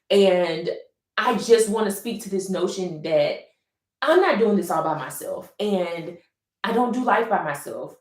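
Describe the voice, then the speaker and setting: Earnest, rambling woman in an echoey room. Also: medium pitch. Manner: earnest, rambling, many restarts and fillers. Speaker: artist live-streaming while painting. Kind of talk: casual heartfelt monologue. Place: room while painting on camera.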